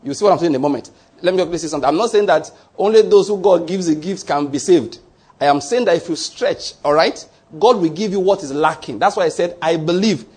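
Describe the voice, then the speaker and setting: Husky-voiced preacher man, emphatic. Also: fairly high pitch, fast talker, a little mellow. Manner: emphatic, repeats points and asks the listeners if they follow. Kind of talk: sermon.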